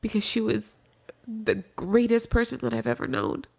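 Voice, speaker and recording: A woman's voice: fairly high pitch, sing-song, normal speed, creaky, darkish tone. A young adult woman as a podcast guest, talking candidly and casually about grief, swearing freely and trailing off into restarts.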